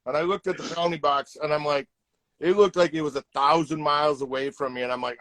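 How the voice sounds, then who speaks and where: A man's voice: on the high side, fast talker, dry recording, poor audio. A middle-aged man, a retired hockey player, telling stories casually in an interview and acting out the quotes in them. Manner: animated, acts out quotes in his stories. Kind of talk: casual storytelling.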